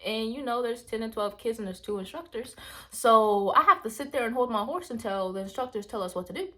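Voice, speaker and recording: A woman vlogger casually telling a rambling personal story, acting out her own reactions in hushed asides. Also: on the high side, brisk. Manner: animated, rambling, quotes herself in hushed asides.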